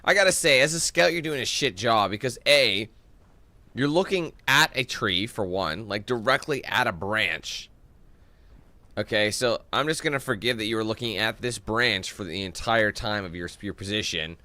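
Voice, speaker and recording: A man's voice: fairly low pitch, expressive, moderate pace, pushed and bright, no echo. A man giving casual let's-play commentary, rambling and swearing with jokey asides. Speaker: gaming commentator.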